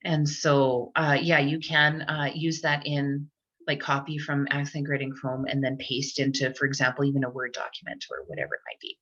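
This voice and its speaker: A woman's voice: very deep voice, normal speed, a bit bright. A woman presenting a live online tech workshop for teachers, chatty, with lots of fillers and restarts. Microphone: computer mic on a video call. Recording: dull lo-fi online call audio.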